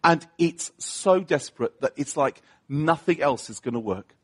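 A middle-aged man preaching with humor, often laughing at his own story. His voice sits high and breathy, and he takes his time. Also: expressive, unhurried. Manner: self-deprecating, laughing often, acting out quoted voices.

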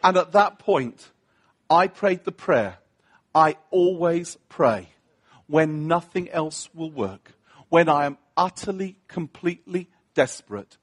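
A man's voice: on the high side, lively intonation, slow pace, slightly rough. A middle-aged man preaching a humorous sermon, telling a story against himself, laughing often and acting out the voices of the people in it.

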